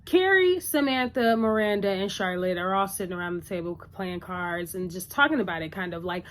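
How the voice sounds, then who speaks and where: A woman's voice: medium pitch, brisk. A woman recapping a TV episode in a casual, chatty, opinionated way, full of "like" and "you know".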